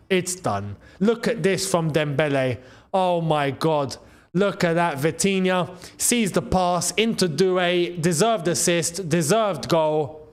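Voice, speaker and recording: A young man with a fairly high voice, commentating live on a football match for his channel. He talks to his viewers casually and swings from low mutters to excited shouts when the play heats up. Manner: excitable, shouts at big chances and goals.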